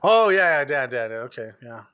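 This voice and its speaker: A man's voice: mid-range voice, big pitch swings, brisk, bright, forceful tone, no echo, studio quality. A man hosting a podcast in casual chat, rambling and swearing in loose slang. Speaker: podcast host.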